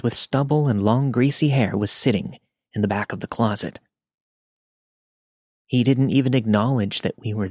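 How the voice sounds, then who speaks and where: A man's voice: lowish voice, darkish tone, no echo. Man narrating a creepy story, dry. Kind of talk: scripted horror story narration.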